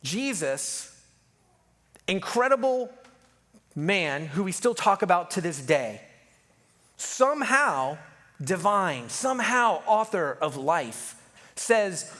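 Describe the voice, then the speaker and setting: A man's voice: high voice, sing-song, slow, pauses often, pushed and bright. A man preaching a conversational sermon as pastor, joking and acting out quoted voices.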